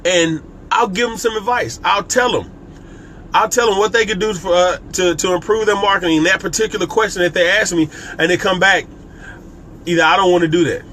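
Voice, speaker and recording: A man with a notably high voice delivers a casual, emphatic business coaching talk to his live viewers. He repeats his points and speaks directly to the audience. There is a faint hum of noise behind him. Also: brisk, pushed and bright. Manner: casual and conversational, with frequent restarts. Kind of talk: live-streamed motivational talk.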